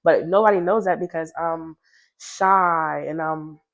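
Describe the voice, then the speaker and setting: A young woman telling a personal story in a casual, slangy, chatty way, often jumping into a higher voice to quote others. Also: fairly even intonation, a little slow.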